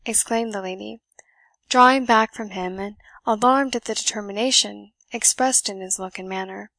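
A woman's voice: medium pitch, normal speed, gravelly, bright, forceful tone, no echo. A woman narrating a classic novel as an audiobook reader, shifting emphasis through the dialogue. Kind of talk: scripted narration.

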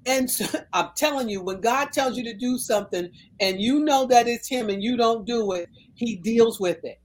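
A middle-aged woman minister from the United States telling a personal faith story in conversation, animated and emphatic. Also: on the high side, normal speed, low-quality recording. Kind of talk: conversational testimony.

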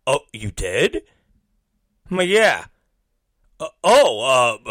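Swearing nonstop, a man delivers a drawn-out storytelling rant, his bright voice animated and swinging widely in pitch at a slow pace. He plays every part in the conversations he recounts, mimicking others in low mumbles. The recording is close and dry, free of room sound.

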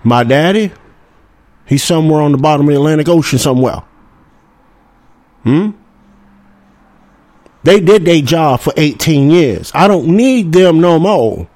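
A man's voice: a little high, animated, a little slow, long pauses, a little mellow, dry recording. A man hosting a political talk show, delivering a heated monologue full of profanity and rhetorical "hmm?" asides. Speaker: podcast host.

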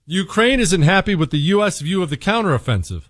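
Animated sarcastic male talk radio host. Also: fairly quick, no echo. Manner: sarcastic, animated, swings pitch for emphasis. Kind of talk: opinionated talk radio monologue.

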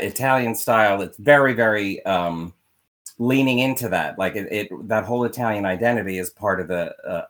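Chatty, animated man, low voice. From Philadelphia. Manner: animated, chatty, lots of fillers and asides. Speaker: podcast co-host. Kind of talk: casual chat with ad read. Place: vacation spot.

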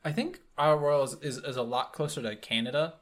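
A man's voice: fairly high pitch, quick pace. A man from Michigan running a tabletop game as game master, rambling with many fillers.

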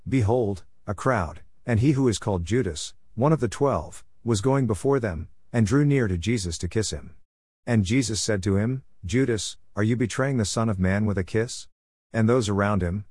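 A man reading scripture aloud in a plain, measured way, in short phrases. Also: on the low side, darkish tone, no room sound. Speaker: scripture reader.

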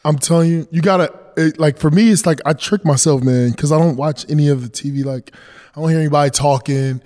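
A man with a fairly high speaking voice chats loosely as a podcast guest. He keeps restarting and repeating himself as he works through a thought. The sound rings with a long hall-like reverb. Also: fast, a little mellow. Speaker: guest, NBA champion. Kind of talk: casual interview chat.

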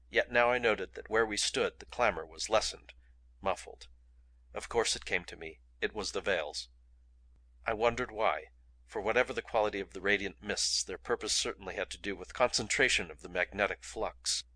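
A man reading an adventure novel aloud in steady, dramatic narration. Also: lowish voice. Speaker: audiobook reader. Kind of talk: audiobook narration.

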